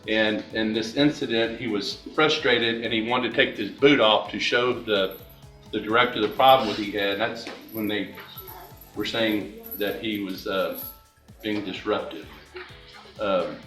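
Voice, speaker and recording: A man argues as defense attorney in a courtroom, speaking haltingly with frequent restarts. He sounds distant from the mic, in an echoey room. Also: lowish voice, fairly even intonation, fairly bright tone, faint music behind. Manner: halting, many fillers and restarts. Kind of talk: courtroom argument.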